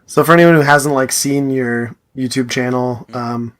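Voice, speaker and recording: A man's voice: mid-range voice, fairly even intonation, moderate pace, a bit bright. A man co-hosting a podcast in casual chat, friendly and thoughtful, tending to ramble. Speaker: podcast co-host.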